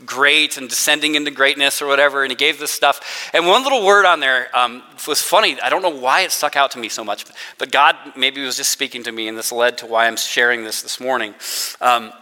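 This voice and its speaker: A man's voice: medium pitch, normal speed, pushed and bright. A man giving a casual, self-deprecating sermon to students as their spiritual formation director, mixing in playful sarcasm and acted-out quotes. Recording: long hall reverb.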